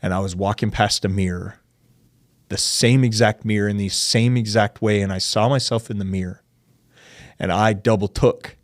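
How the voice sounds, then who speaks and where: In a clean studio recording without echo, a podcast guest from the United States speaks with a lowish voice, fairly even intonation, and a moderate pace. He's long-winded, sharing a candid personal story, acting out the dialogue and often saying "dude" and "like."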